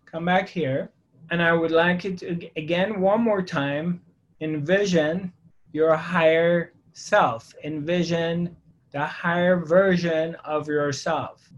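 A man's voice: a little high, muffled recording. A man leading a guided spiritual reflection, asking the listener earnest rhetorical questions. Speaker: spiritual teacher.

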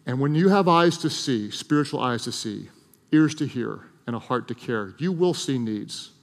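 A middle-aged man preaching a sermon in a large church, earnest, swelling to loud emphatic peaks and dropping to soft, hushed lines. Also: mid-range voice, lively intonation, normal speed, gravelly. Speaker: pastor. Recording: long hall reverb.

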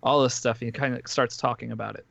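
A man in casual podcast chat, talking through a story in loose, filler-heavy runs and restarting his sentences often. His voice sits at an ordinary pitch. The sound is dry and a little muffled. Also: steady tone, quick pace, gravelly, fairly bright tone, dry recording. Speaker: podcast host recapping a documentary.

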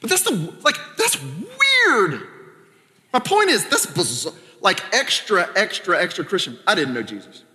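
Bright-voiced preacher in a reverberant church. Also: male voice, high-pitched, wildly swooping pitch. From Arkansas, American South. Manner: conversational preaching with quick asides and sudden quiet drops. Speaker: pastor. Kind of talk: sermon. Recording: long reverb of a church hall.

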